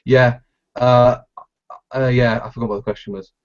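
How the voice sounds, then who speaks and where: A man co-hosting a casual live podcast, talking in a halting, playful way with lots of restarts. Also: mid-range voice, steady tone, dull audio. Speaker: podcast co-host.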